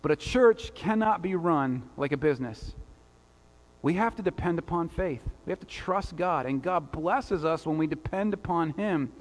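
A man's voice: on the high side, expressive, normal speed. A male pastor preaching a sermon in a conversational style, with rhetorical asides to the congregation. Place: church sanctuary. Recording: long church reverb.

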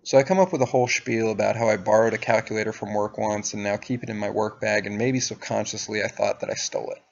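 A young man recounts a story to camera in a casual, profane, sardonic tone. His voice is gravelly and husky. The recording sounds dull and lo-fi. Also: on the low side, level tone, fast talker. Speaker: vlogger.

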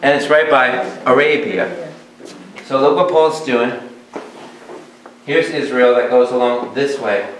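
A man who is a priest teaching a Bible study. He talks in a lively way and keeps asking his audience questions. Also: medium pitch, unhurried, long pauses. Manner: animated, asks the audience many questions. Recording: echoey hall with faint noise.

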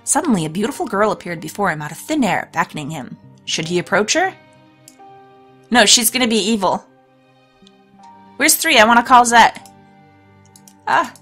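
A woman's voice: mid-range voice, very animated, moderate pace, pauses often, pushed and bright, breathy edge, faint music behind. A woman hosting a let's play, reading a storybook game aloud with chatty, laughing asides. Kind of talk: let's play narration and commentary.

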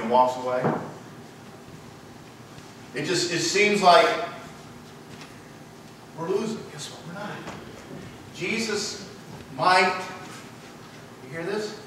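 A man's voice: fairly high pitch, fairly even intonation, a little slow, pauses often, fairly bright tone, a little hiss or hum. A man preaching an emphatic sermon as pastor in a church, often repeating his key phrases. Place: church sanctuary. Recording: echoey church heard from far off.

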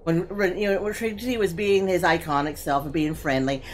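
Excitable woman streamer, fairly low voice. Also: moderate pace, a little hiss or hum. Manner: excitable, swears freely, laughs often. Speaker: game streamer. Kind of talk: casual gaming voice chat.

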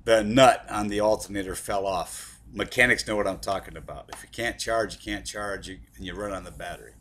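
A man's voice: fairly low pitch, steady tone, brisk, a bit bright. A middle-aged man telling a comic story about his past in a rambling, profane way, full of asides.

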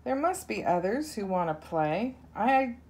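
A woman's voice: mid-range voice, sing-song, measured pace, voice pushed up. A woman voicing a lonely, playful little male lion cub who pleads eagerly for friends. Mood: hopeful. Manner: eager, pleading, raised and bright.

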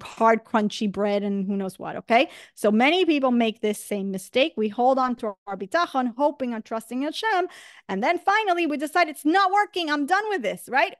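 A woman teacher giving an online class, animated and enthusiastic, often checking in with "right?". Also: on the high side, no room sound, studio quality. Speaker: Torah teacher.

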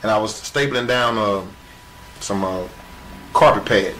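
A man telling a profane wrestling-locker-room anecdote, animated and swearing freely. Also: lowish voice, a little slow, slight background noise. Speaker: former wrestler. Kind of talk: storytelling anecdote.

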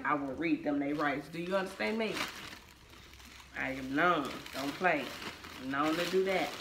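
A woman's voice: sits low, roomy sound, background noise. A woman vlogging casually to camera, chatting in a sassy, emphatic way about a product she bought. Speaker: vlogger reviewing a wig-making canvas head.

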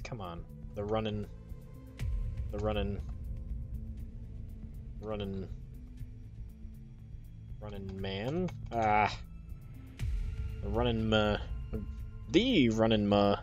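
A man's voice: fairly low pitch, lo-fi sound. A man hosting a video game playthrough, talking casually in a goofy, rambling way with mock-grand announcements. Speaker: let's play host. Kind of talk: casual gameplay commentary.

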